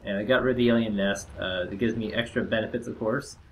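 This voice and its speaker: A man's voice: lowish voice, steady tone, fast talker, a little hiss or hum. A young man casually commenting on his own strategy game playthrough, rambling and hesitant with lots of fillers. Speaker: gameplay commentator. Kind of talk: casual let's-play commentary.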